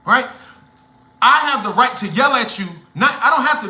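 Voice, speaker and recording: Sharp, high-voiced man ranting blunt. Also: fast talker, roomy sound. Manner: blunt, profane, heated lecturing. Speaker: livestream host. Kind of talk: livestream rant.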